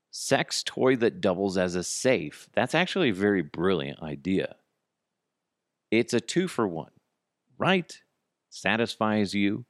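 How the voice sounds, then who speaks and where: Guy hosting a podcast, lowish voice that swings all over, swears a lot, dry close sound. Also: no room sound. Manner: animated, swears freely, jokey asides. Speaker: podcast host. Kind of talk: casual comedic monologue.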